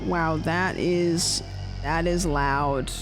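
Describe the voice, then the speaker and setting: A woman's voice: low-pitched, steady tone, extremely slow. A woman live-streaming a game, chatting casually and reacting aloud as she plays. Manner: chatty, reacting and commenting aloud while playing. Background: game music.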